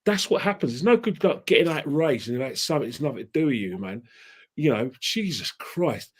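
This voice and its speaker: A man's voice: mid-range voice, a little fast, husky. Ranting podcast guest, a man. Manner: ranting, mocking, animated. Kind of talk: casual podcast chat.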